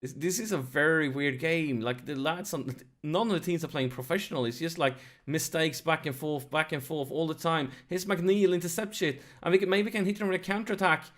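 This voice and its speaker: A man narrating his football management game, swinging from quiet muttering to shrieking excitement. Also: fairly high pitch, a little fast, hardly any pauses. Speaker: let's play gamer. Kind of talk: excitable live game commentary.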